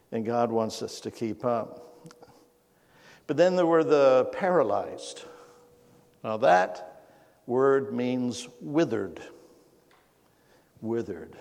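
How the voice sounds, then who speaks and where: A man's voice: medium pitch, vocal fry, darkish tone. A man preaching a conversational sermon as pastor, folksy and storytelling, often amused at his own anecdotes. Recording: long hall reverb.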